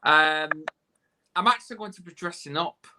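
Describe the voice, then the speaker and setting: A man's voice: on the high side, moderate pace, noisy background. A man with a Northern English accent hosting a casual live video chat, joking and rambling in a self-deprecating way. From England. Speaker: host. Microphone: video call.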